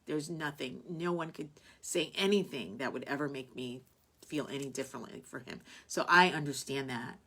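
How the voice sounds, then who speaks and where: Woman host, low voice, casual live chat, heartfelt and rambling, full of fillers. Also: normal speed, breathy edge. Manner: warm, heartfelt, rambling with many fillers and restarts. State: tearful at moments. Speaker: host of a live online show. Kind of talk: casual live-stream chat reading viewer comments.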